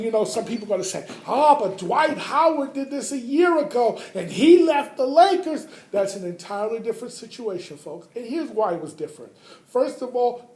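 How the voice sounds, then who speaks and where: A woman hosting a sports talk show, giving an emphatic, opinionated commentary monologue that hammers points home and calls her listeners "folks.". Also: fairly high pitch. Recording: roomy echo.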